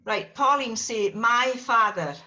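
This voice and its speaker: Woman teacher going slow and patient, bright voice, correcting each student's words, kinda dull lo-fi recording. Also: a little high. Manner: patient, drills students by name and corrects pronunciation. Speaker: language teacher. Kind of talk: classroom lesson with learners.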